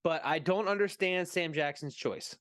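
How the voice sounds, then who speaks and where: A man's voice: on the high side, moderate pace, a bit bright, dry recording, clean studio sound. A man co-hosting a casual movie chat, hesitant, with many fillers and restarts, laughing easily. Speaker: podcast co-host.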